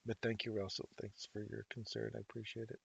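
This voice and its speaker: A man's voice: fairly low pitch, completely flat delivery, brisk, gravelly, breathy edge, dull audio. Chatty English-born man in his fifties. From England. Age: 50s. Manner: chatty, laughs often, talks to chat viewers by name. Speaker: livestream trading host. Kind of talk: casual live-stream chat while reading charts. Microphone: desk mic, moved close.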